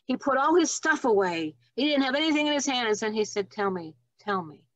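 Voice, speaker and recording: A woman's voice: high voice, brisk, no room sound, dull audio. Older woman telling stories animatedly. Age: 70s. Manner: animated storyteller, acts out voices in her stories. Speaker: guest, author and teen counselor. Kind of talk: casual storytelling on a video call. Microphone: video call.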